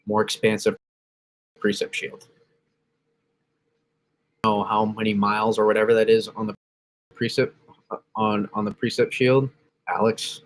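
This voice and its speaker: Rambling through model maps on a laid-back weather livestream, a male host keeps correcting himself and reacting to viewers in chat. His voice sits on the low side, and his delivery is flat and a little slow, with long pauses.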